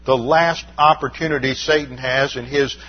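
A man's voice: medium pitch, steady tone, moderate pace, lo-fi sound. A man giving a methodical verse-by-verse Bible lesson, stopping often to explain Greek terms, with frequent "uh" fillers. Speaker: Bible teacher.

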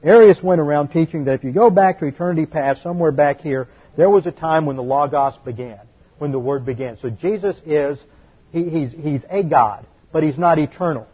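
Bible teacher, male, fairly high and husky voice, explanatory and emphatic, muffled lo-fi recording. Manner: explanatory, emphatic, slows to stress key words. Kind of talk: Bible study lecture.

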